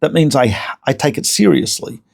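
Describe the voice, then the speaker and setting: A man, a rabbi, giving a recorded lecture as an animated storyteller who repeats words and corrects himself. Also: medium pitch, moderate pace, vocal fry.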